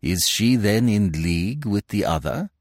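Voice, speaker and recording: A man's voice: lowish voice, lively intonation, measured pace, no echo, studio quality. A man voicing a fussy, self-assured older Belgian detective who lectures with precise, impatient logic in an audiobook reading. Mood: lecturing.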